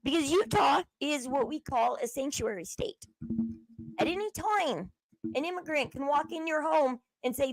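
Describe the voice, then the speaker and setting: A high-pitched woman talks in a loose, rambling commentary style, hopping between stories and searches on her computer. The sound is dry and close, with no room around her voice. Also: lively intonation, normal speed, no room sound. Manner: chatty and rambling, acts out quoted people. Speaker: commentary channel host. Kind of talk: casual commentary while browsing on screen.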